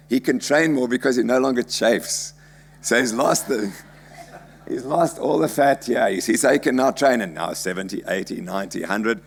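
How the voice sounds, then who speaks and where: A man's voice: mid-range voice, creaky. An older man giving a chatty, anecdotal conference lecture about slides he shows. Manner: chatty, anecdotal, jokey asides.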